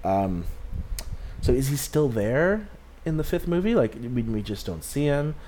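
A man's voice: mid-range voice, big pitch swings, measured pace, warm tone, slight background noise. A young man giving a casual, rambling movie recap, chatty and full of filler words and little chuckles. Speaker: movie reviewer.

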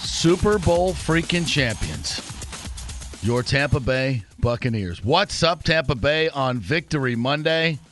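A man's voice: medium pitch, expressive, measured pace, a bit bright, faint music behind. A man hosting a sports talk show, delivering an emphatic monologue with punchy repetition. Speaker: sports radio host.

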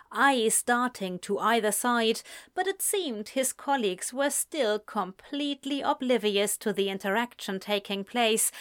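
A woman narrating a story in a slow, measured reading voice. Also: medium pitch, a bit bright. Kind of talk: fan fiction reading.

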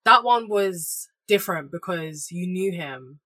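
A woman's voice: lowish voice, animated, a little slow, sharp tone, breathy edge. A young woman, chatting bluntly and sharing her opinions as a podcast co-host. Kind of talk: casual chat.

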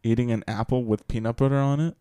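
A man's voice: medium pitch, steady tone, fast, mellow, smooth, dry recording. A young man co-hosting a casual chat podcast, rambling with lots of fillers, apologizing and laughing often. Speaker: podcast co-host.

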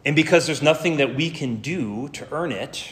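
A man's voice: a little high, normal speed. A man preaching a sermon in an earnest, emphatic way, building lists and drawing out key words. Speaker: pastor.

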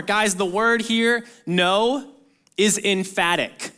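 A man preaching a sermon to his congregation, speaking earnestly and directly to them, rising to emphatic bursts and then dropping soft and low. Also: expressive, takes it slowly, clear, resonant tone. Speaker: pastor.

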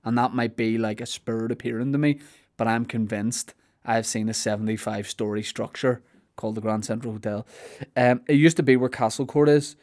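Belfast guy on a podcast, rambly and jokey, mid-pitched voice, does daft voices now and then. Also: fairly even intonation, a little fast, darkish tone. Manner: rambling, joking, acts out silly voices. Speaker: podcast host. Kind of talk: casual comedic chat.

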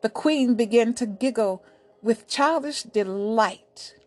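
A woman narrating a folk tale in a soft, deliberate storytelling manner. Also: a little high.

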